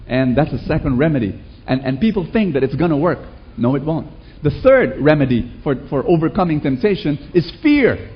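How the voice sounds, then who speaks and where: A man's voice: a little high, fairly quick, lo-fi sound. A male preacher giving a sermon with call-and-response, telling stories and asking the congregation rhetorical questions. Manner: animated storytelling, rhetorical questions.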